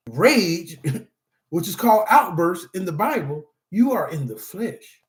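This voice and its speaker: A man's voice: on the high side, lively intonation, moderate pace, reverberant. A man hosting a support-group talk to camera, part preaching, part casual chat, who laughs often and calls his viewers y'all.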